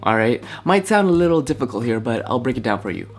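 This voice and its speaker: A young man talks straight to his viewers in a loose, slangy way, delivering a prank with a deadpan face. His pitch sits in an ordinary middle range. Faint music plays underneath. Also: quick pace. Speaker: vlogger. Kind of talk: joking vlog talk to camera.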